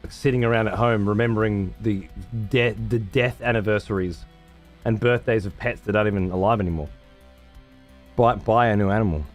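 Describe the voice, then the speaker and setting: A man's voice: fairly low pitch, steady tone, brisk, soft background music. A man hosting a livestream from his room at home, chatting casually with viewers in profane, sarcastic banter. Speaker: livestream host.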